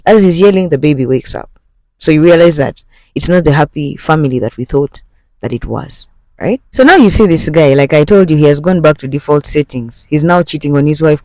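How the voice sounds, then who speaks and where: A man hosting a movie recap, retelling the plot in a casual, animated way and speaking straight to viewers. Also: a little high, no room sound.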